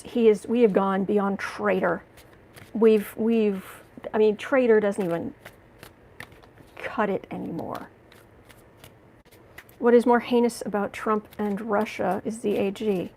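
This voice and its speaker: A female livestream tarot reader, heated and indignant, reads comments from viewers and argues back, stopping to restart and apologize often. She has a creaky, medium-pitched voice, and the rough recording carries a little hiss or hum.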